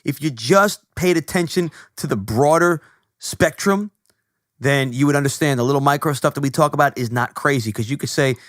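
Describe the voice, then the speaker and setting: A man's voice: on the high side, normal speed, dry recording. Earnest preachy male podcast host. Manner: earnest, preachy, religious talk; animated, laughing and shouting at the close. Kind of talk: casual podcast talk.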